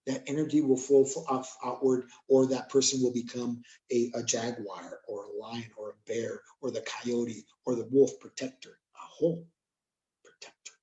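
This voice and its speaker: A man's voice: mid-range voice, flat delivery, normal speed, warm tone, highs cut off. A man from California giving an emphatic spiritual talk, chanting phrases in rhythmic repetition. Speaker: spiritual drum healer. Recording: roomy echo.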